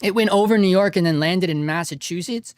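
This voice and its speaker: A man's voice: sits high, fairly quick, no echo, clean studio sound. Laid-back man chatting on a livestream. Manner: laid-back, laughs often, says dude and bro. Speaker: livestream host reading chat. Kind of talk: casual live chat.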